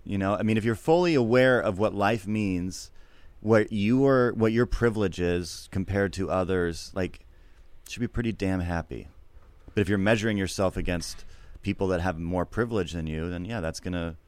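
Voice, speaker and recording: A middle-aged man, a comedian, talking candidly and reflectively in an interview, swearing freely and getting animated at times. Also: deep voice, normal speed, no echo. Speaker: podcast guest, comedian.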